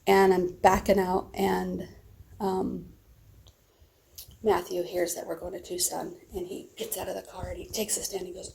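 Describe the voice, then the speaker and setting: A woman's voice: lowish voice, little pitch movement, measured pace, vocal fry, a little mellow. A middle-aged woman vlogging, telling a friend a long personal story in a rambling, emotional way.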